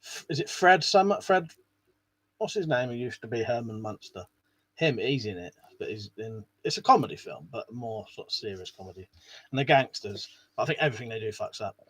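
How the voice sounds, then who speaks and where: A man's voice: lowish voice, lively intonation, a little fast, fairly bright tone, husky, dry recording. A man hosting a casual live stream, chatting to viewers in a rambling way and swearing now and then. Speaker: live stream host reading chat.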